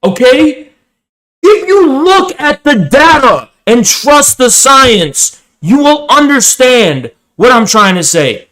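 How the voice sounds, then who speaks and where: A man voicing a whiny, condescending young male pundit who is shrill, exasperated and insulting. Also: very animated, takes it slowly, pushed and bright, exaggerated voice, rough recording.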